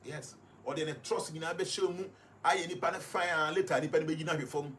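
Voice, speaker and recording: A man's voice: fairly high pitch, brisk, a bit bright, a little hiss or hum. A man with a Ghanaian accent speaking on live radio, explaining his points one at a time and mixing English with Twi. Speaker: radio guest reading numerology.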